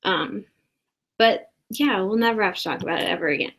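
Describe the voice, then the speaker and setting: A woman's voice: medium pitch, a little fast, a bit bright. Rambling woman doing improv comedy. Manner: rambling, mock-earnest, escalating outrage. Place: indoors at a desk.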